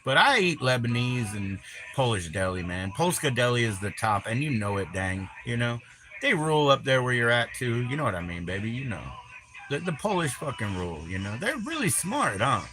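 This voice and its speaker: A man's voice: mid-range voice, animated, a little fast, noisy background. A man hosting a live stream, chatting in a crude, rambling, teasing way and swearing constantly. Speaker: livestream host.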